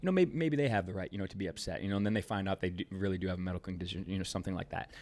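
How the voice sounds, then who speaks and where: A man talks quickly in a casual podcast conversation, packing his sentences with fillers. His voice sits on the low side, and he is emphatic and rambling as he presses his points. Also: a little mellow. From Ohio, United States. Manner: rambling, heavy on "you know" fillers, emphatic. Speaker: podcast guest, business owner.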